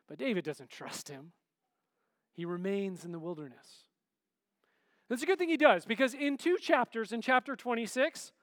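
A man preaching a sermon in a relaxed, conversational way, often checking in with "right?" and filler "like". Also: high voice, dry recording, long reverb tail.

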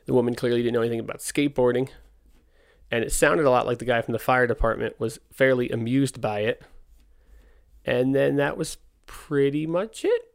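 A man's voice: mid-range voice, creaky. Exasperated man telling a story. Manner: candid, exasperated, acts out dialogue in quick quotes. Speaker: podcast host, skate park owner. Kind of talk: casual storytelling monologue.

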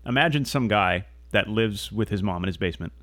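A man's voice: fairly low pitch, lively intonation, brisk, a bit bright, no room sound. A man co-hosting a podcast in a loose casual chat, laid-back, often saying "dude" and swearing. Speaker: podcast co-host.

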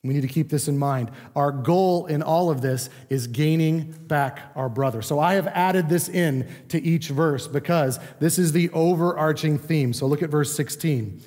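A man's voice: on the high side, moderate pace, few pauses, darkish tone. A man preaching a sermon in a conversational teaching manner, acting out what people say. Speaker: pastor. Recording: long reverb of a large room.

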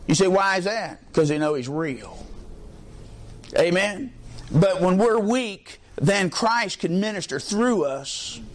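Impassioned high-voiced preacher man. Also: expressive, slow. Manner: impassioned, rising to near-shouts with folksy grammar. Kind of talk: sermon.

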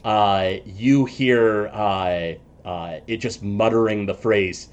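A man narrating a tabletop game as game master, loose and halting with many fillers. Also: lowish voice.

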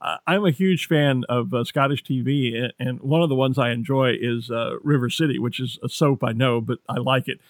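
A man's voice: mid-range voice, normal speed, hardly any pauses, no room sound, clean studio sound. An American man hosting an interview, chatty and friendly, asking questions and telling side stories. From United States. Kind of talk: casual interview.

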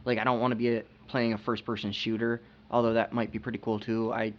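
A man's voice: fairly low pitch, level tone, fast. Hesitant man on a lo-fi podcast. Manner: hesitant, repeats words, lots of fillers. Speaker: podcast co-host. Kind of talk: casual chat. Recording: dull lo-fi podcast audio.

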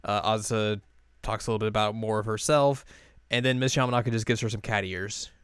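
A man casually recapping a show, animated and laughing often. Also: fairly low pitch, fast, clean tone, no room sound, studio quality.

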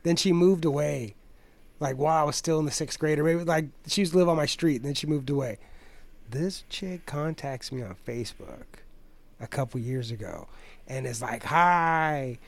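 A man's voice: a little high, moderate pace. A man in his forties telling a story in casual chat, swearing a lot and acting out the people he quotes. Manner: profane, animated storytelling with put-on quotes.

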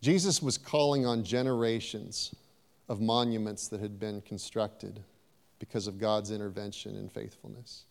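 A man's voice: on the low side, steady tone, normal speed, vocal fry, long reverb tail. A man preaching a sermon in a church, talking conversationally and turning to the congregation now and then. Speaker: pastor. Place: church sanctuary.

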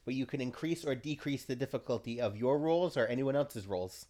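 A man running a tabletop role-playing game on a podcast, dry and deadpan, reading out rules and missions. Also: medium pitch, brisk. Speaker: game master.

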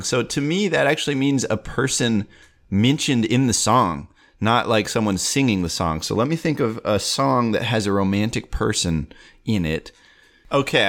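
A young man talking through his own solo podcast in a playful, animated way, full of jokey asides. His voice sits at an everyday middle pitch. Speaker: podcast host. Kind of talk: solo comedic podcast chat.

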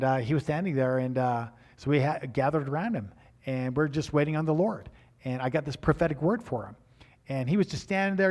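An older man preaching and telling a story in a sermon, animated, with frequent repeated restarts. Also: fairly high pitch. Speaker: pastor.

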